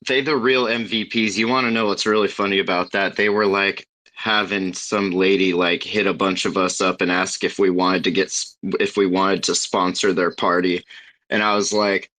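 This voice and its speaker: A man's voice: low-pitched, steady tone, moderate pace, bright, forceful tone. A man chatting casually as a guest, telling laid-back stories and swearing now and then. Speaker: guest who runs a community audio show. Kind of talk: casual chat.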